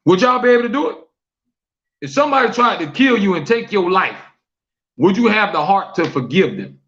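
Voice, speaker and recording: Man, talk show host, live stream, high voice, questions the chat over and over, preachy, dull lo-fi sound. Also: very animated, a little fast, a bit bright. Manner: asks viewers questions, reads chat comments aloud; preachy, repeats questions for emphasis.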